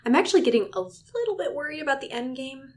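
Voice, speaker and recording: Wry woman with a lively higher voice. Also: very fast. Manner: wry, dry humor. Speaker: podcast co-host. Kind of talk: casual chat about books.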